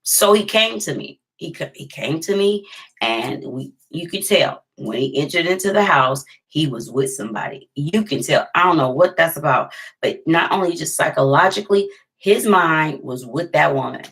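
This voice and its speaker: A woman's voice: deep voice, lively intonation, normal speed, creaky, fairly bright tone, slightly rough. A woman vlogger telling a personal story in a casual, emphatic way, often repeating phrases for effect.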